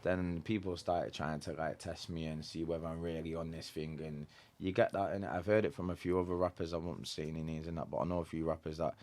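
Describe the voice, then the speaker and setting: A man's voice: rumbling low, steady tone, fairly quick, few pauses, darkish tone. A man, a rapper guest on a podcast, talking in a laid-back, slangy way and often checking in with "you know what I mean". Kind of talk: casual podcast interview.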